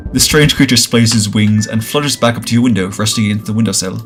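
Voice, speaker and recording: A man's voice: fairly low pitch, fast, hardly any pauses, soft background music. A man playing a visual novel, reading its text aloud with jokey, casual asides. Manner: casual, jokey asides between read lines. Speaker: game streamer.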